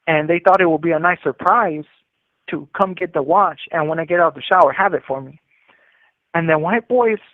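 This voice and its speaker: A man's voice: fairly high pitch, no room sound. Man on a tinny phone line. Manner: street slang, rambling with fillers. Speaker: caller telling his prison story. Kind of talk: casual storytelling over the phone.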